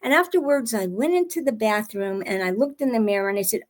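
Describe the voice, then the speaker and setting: A woman's voice: fairly high pitch, a little fast, few pauses, a little mellow. A woman handwriting expert chatting as an interview guest, telling stories animatedly with frequent restarts. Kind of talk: casual interview chat.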